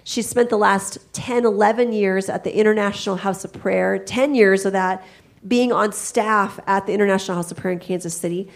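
A woman's voice: mid-range voice, steady tone, moderate pace, gravelly. A woman hosting at church, introducing a guest speaker in an effusive, enthusiastic way. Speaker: church host.

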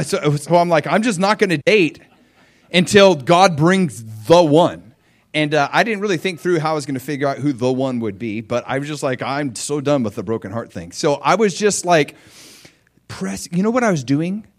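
Emotional preacher man, quiet to shouting. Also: on the high side, lively intonation, a little fast. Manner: emotional storytelling with big swings from quiet to shouting; conversational, with fillers and questions to the audience. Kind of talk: sermon with personal testimony.

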